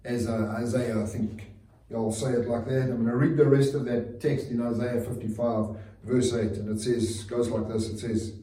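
A man's voice: mid-range voice, level tone, normal speed, warm tone. A man preaching a sermon as a pastor, earnest and repetitive, often restarting his phrases. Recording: roomy, distant mic.

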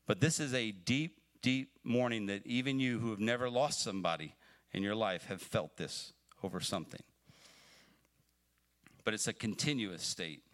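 A man's voice: on the low side, normal speed, a bit bright. A man preaching a conversational livestream sermon that rises to emphatic, pleading peaks. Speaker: pastor. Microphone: livestream mic.

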